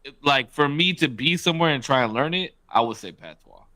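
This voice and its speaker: A young man co-hosting a podcast, chatting in an excitable, animated way with swearing and laughs. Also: mid-range voice, fairly quick, no echo. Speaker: podcast co-host. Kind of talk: casual podcast chat.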